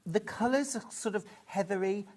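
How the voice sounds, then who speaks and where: A woman's voice: mid-range voice, moderate pace, a little mellow. A British woman co-presenting a live TV quilting sales show, chatty and gushing.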